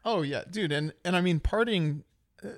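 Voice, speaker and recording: A man's voice: high voice, moderate pace, no echo, clean studio sound. A man co-hosting a podcast, chiming in agreeably in casual chat. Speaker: podcast co-host.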